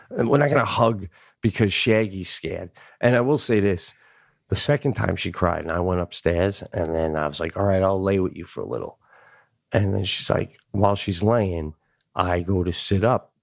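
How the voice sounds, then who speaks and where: A man co-hosts a podcast in casual chat, telling stories with animated indignation and frequent swearing. His voice has a gravelly rasp, and the recording is dry and close with no room sound. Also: lowish voice, moderate pace, no room sound. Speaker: podcast co-host.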